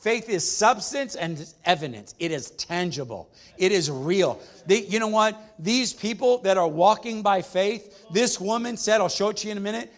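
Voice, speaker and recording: A man's voice: sits high, expressive, normal speed, few pauses. A man preaching a sermon as pastor, emphatic, calling for responses from the congregation.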